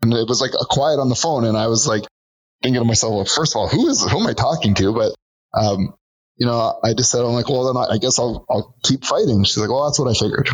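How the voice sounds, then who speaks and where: A man's voice: mid-range voice, brisk, breathy edge, low-quality recording. A middle-aged man, a guest on a podcast, telling a personal story in an earnest, conversational way. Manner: earnest, storytelling, acts out quotes of others. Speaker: podcast guest, boxing gym owner.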